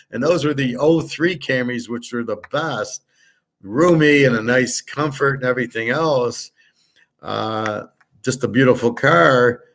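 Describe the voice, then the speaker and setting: An American man hosts a live sports picks stream and talks casually to his viewers. He wanders through long, opinionated anecdotes and swears without hesitation. His voice sits at an ordinary middle pitch. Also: a bit bright. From United States. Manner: rambling and blunt, swears freely. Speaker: host of a sports betting picks show.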